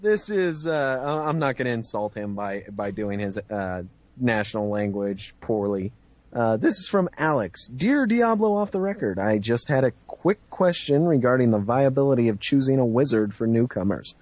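A man's voice: medium pitch, expressive, moderate pace, darkish tone. A man co-hosting a gaming podcast, joking and teasing in casual chat. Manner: teasing, laughing often. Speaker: podcast co-host.

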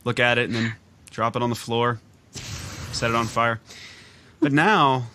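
A man co-hosting a casual gaming podcast over a call, laid-back and quick to laugh as he comments on his play. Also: mid-range voice, fairly even intonation, pushed and bright. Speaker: podcast co-host and player. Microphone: remote call mic.

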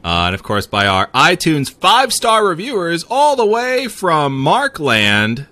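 A man's voice: a little high, wildly swooping pitch, measured pace, sharp tone, no room sound. A man with a New York accent hosting a podcast, joking and rambling through sponsor reads with frequent laughs. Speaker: podcast host.

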